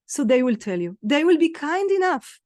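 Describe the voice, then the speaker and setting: Woman, Israeli accent, interview guest, lively and laughing, slightly high pitch, dry sound. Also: moderate pace, no room sound. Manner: animated, laughing, acting out quoted remarks. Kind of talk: conversational interview.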